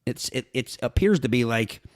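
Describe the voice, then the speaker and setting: A man co-hosting a podcast in casual chat, reading out joke reviews in a flat, deadpan way. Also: mid-range voice, moderate pace, no echo, studio quality. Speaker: podcast co-host.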